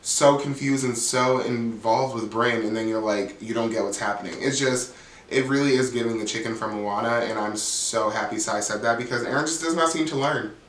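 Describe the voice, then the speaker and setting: A man's voice: medium pitch, brisk, a bit bright. A man giving a blunt, sassy recap of a reality TV episode, swearing freely and saying "like" all the time. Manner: sassy, blunt, profane, frequent "like". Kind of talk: casual commentary. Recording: echoey room, mic at a distance.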